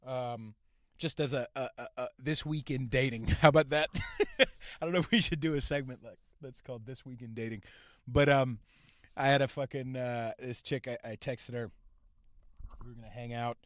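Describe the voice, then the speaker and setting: A man hosting a podcast, delivering a crude, profane rant that swings between mumbling and shouting. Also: mid-range voice, moderate pace, dry recording, clean studio sound. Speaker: podcast host. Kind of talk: profane ranting monologue.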